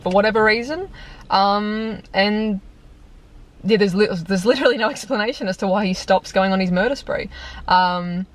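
A woman's voice: mid-range voice, normal speed. Young woman vlogger, casual exasperated movie rant, chatty, filler-heavy. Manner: chatty and exasperated, lots of "like", breaks into laughter. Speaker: video reviewer. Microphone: compact camera on tripod.

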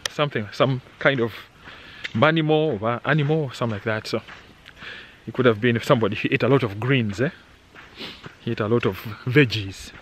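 A man's voice: mid-range voice, a little fast, rough recording. A middle-aged man narrates his hike in a loose, rambling way, tossing in jokes and a habitual "eh?". He is outdoors on a soggy trail, caught on a handheld camera. A faint hiss sits under his voice. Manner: rambling, joking, frequent "eh?" tags. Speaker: vlogger on a hike. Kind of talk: casual walking vlog narration. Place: outdoors on a muddy canyon trail.

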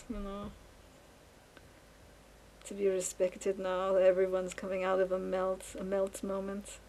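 While painting, a woman vlogs to her camera in a medium-pitched voice that's dark and mellow with some gravel, wandering through her thoughts with fillers, restarts and a fairly flat tone. Faint hiss marks the rough recording.

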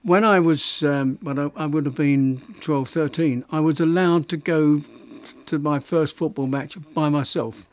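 Halting elderly man reminiscing. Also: a little high, fairly even intonation, darkish tone. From London, England. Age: 90s; older. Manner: halting, reflective, many restarts and fillers. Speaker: interviewee, retired architect. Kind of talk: reminiscing interview.

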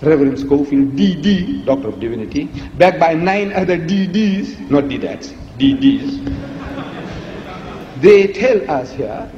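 A man giving an emphatic public lecture, asking rhetorical questions with a lively, teasing delivery, heard on an archive recording. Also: on the high side, slight background noise. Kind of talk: public lecture played in a reaction video. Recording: echoey hall, dull lo-fi archive recording.

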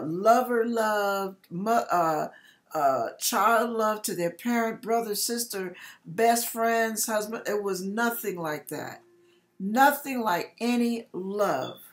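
Her voice sits on the high side and sounds a bit bright as this woman, the host of her own channel, tells an emotional personal testimony. She quotes exclamations along the way and is at times close to tears.

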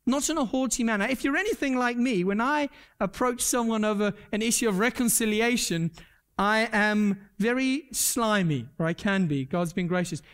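A man preaching a sermon. He talks earnestly, repeats his key points, asks the congregation questions and pokes fun at himself. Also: sits high. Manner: self-deprecating humor. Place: church service.

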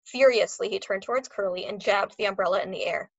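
A woman's voice: medium pitch, fast, no room sound, muffled recording. Woman reading a novel aloud. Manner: expressive, acts out characters.

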